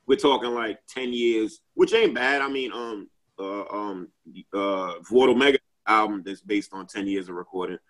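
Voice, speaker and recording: A man's voice: lowish voice, moderate pace, fairly bright tone, low-quality recording. A man in a casual group chat, talking at length with many fillers and restarts.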